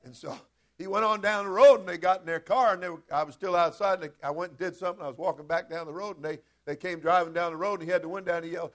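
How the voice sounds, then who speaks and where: A man preaching a sermon as pastor, energetic, telling stories and building to loud, emphatic preaching. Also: high voice, very fast.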